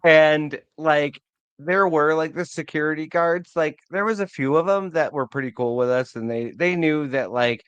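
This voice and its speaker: A man as a podcast guest in casual chat, enthusiastic and rambling, his voice dropping low at the ends of phrases. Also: moderate pace, fairly bright tone, clear, resonant tone, no echo, lo-fi sound.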